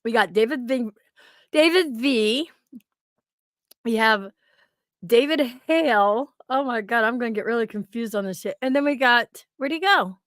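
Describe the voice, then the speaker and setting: A woman's voice: on the high side, unhurried, fairly bright tone, no echo, clean studio sound. A woman hosting a casual livestream, chatting, swearing freely and greeting viewers from the chat. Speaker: livestream host.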